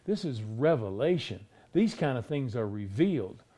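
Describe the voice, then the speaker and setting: A man preaching a sermon, emphatic, asking rhetorical questions and slowing down hard on key words. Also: mid-range voice, sing-song, mellow. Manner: emphatic, rhetorical questions, drawn-out slow stresses.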